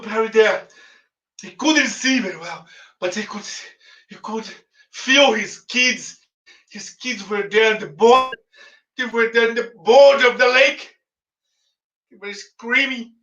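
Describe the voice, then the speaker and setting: A man's voice: high voice, pushed and bright. A man with a Brazilian Portuguese accent, a native Portuguese speaker, telling a dramatic story in English with emphatic repetition and direct address to his listeners. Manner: emphatic, repeats phrases, addresses listeners as friends. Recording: echoey, distant, dull lo-fi.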